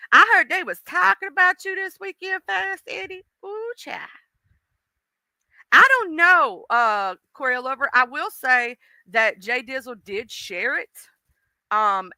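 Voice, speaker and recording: Bright-voiced chatty woman streamer. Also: fairly high pitch, no room sound. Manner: chatty, greets commenters by name, slangy asides. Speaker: livestream host. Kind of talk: casual gossip chat with viewers.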